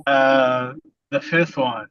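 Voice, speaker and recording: A man improvising a comedy scene in a halting, hesitant, deadpan way. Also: mid-range voice, no room sound, lo-fi sound. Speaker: improv player.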